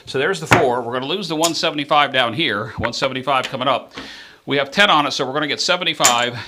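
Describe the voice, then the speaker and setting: A man hosting a live craps stream, giving chatty play-by-play of the dice and talking straight to his viewers, jumping up in excitement when the dice land. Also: mid-range voice, noisy background.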